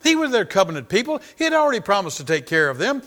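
A man's voice: high voice, sing-song, fast talker, fairly bright tone. A man preaching a sermon as pastor, emphatic and repetitive, calling out to the congregation for amens.

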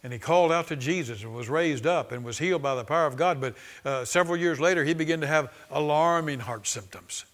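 A man's voice: on the high side, quick pace, few pauses, a bit bright. A man preaching a charismatic sermon, fervent and exclaiming, often repeating words and restarting. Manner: fervent, exclaiming and laughing in faith.

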